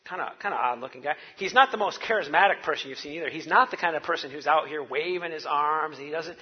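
A man's voice: on the high side, quick pace, breathy edge, big-room sound, muffled recording. A man preaching a sermon to his congregation, telling it like a wry, conversational story. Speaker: pastor.

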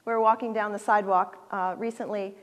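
A woman in her sixties, speaking as a guest at a church, gives an earnest, heartfelt personal talk with halting restarts and closes in prayer. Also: medium pitch, steady tone. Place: church sanctuary. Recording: long reverb of a large church hall.

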